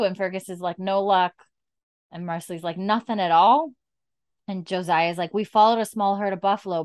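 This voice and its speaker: A woman's voice: on the low side, clean tone, no echo. A woman co-hosting a casual podcast, retelling TV scenes line by line with fillers. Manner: recounts dialogue in a flat retelling voice, casual fillers. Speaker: podcast co-host recapping a TV episode.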